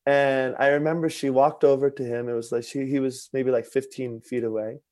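A man telling a personal story in conversation, earnest and expressive, with many fillers. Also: mid-range voice, a little fast, no room sound.

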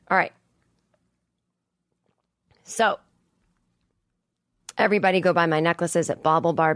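A comedian in her forties from the Boston area hosts her own podcast from a studio, delivering a casual, profane, exasperated monologue full of emphatic rises. Her low voice has lively intonation, a little slow with long pauses, recorded on a studio mic with no room sound.

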